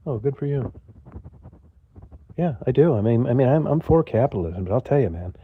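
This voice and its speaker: A man's voice: mid-range voice, lively intonation, fairly quick, narrow, tinny audio. An older man from the United States hosting a livestream, rambling casually with lots of swearing and talking to viewers in the chat. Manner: profane, gruff, talks to chat viewers. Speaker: livestream host.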